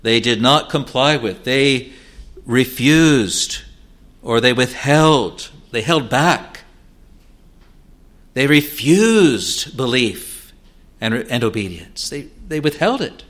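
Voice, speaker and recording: A male preacher delivering a sermon at a slow, deliberate pace. He pleads earnestly, rising to loud urging and dropping to hushed, low asides. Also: animated.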